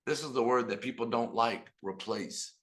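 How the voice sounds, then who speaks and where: A middle-aged man giving an animated motivational business talk on a video call, telling stories and speaking to the audience directly. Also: medium pitch, moderate pace. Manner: animated storytelling with audience asides. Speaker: business trainer.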